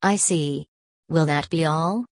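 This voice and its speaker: A literal-minded army sergeant in a storybook reading, asking polite, baffled questions, as a woman narrator voices him. Low-pitched and recorded dry and close. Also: takes it slowly, no echo. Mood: puzzled, dutiful.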